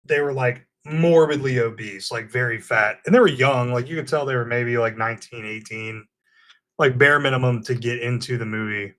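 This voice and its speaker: An animated man spins a rant on a podcast, cursing freely and leaning on dude and bro. His voice sits at an ordinary middle pitch. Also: normal speed. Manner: animated storytelling, heavy swearing, says "dude" and "bro". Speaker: podcast co-host. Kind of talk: casual chat.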